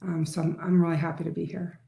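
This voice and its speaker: Gravelly low-voiced woman, very flat delivery. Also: quick pace. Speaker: perinatal mental health clinician. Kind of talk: task force introduction. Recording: echoey meeting room.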